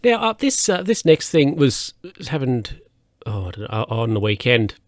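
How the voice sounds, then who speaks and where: A man's voice: mid-range voice, big pitch swings, normal speed, dry recording, clean studio sound. A man hosting a solo podcast, telling stories in a rambling, hesitant way with lots of fillers and restarts. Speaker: podcast host.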